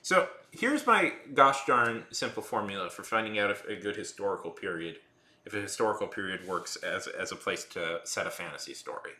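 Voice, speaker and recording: A man's voice: lowish voice, expressive, brisk, sharp tone, echoey room. A man hosting a casual live chat, rambling with many restarts and fillers. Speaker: livestream host.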